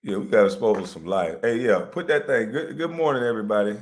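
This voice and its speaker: Animated man ranting on a livestream. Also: fairly low pitch, fast. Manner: animated, laughing, mocking. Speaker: livestream host. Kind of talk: profane comedic rant.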